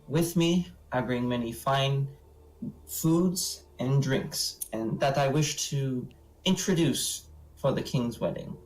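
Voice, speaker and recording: A man's voice: mid-range voice, takes it slowly, far from the mic, close to an everyday voice, rough recording. A man voicing a bard who poses as a noble, using formal, courtly phrasing. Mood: courteous. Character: smooth-talking bard posing as a noble.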